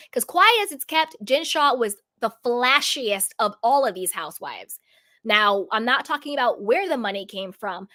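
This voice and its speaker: A woman's voice: fairly high pitch, fairly bright tone, dry recording, clean studio sound. Emphatic woman ranting about reality TV. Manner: emphatic, indignant, rhetorical questions. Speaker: reality TV commentator. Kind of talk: opinionated recap commentary.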